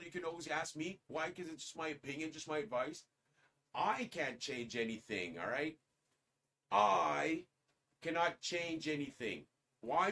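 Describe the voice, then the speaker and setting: A man's voice: a little high, a bit bright, recorded from a distance. A man hosting a casual livestream, rambling and talking straight to his chat as "guys". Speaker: livestream host. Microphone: streaming setup.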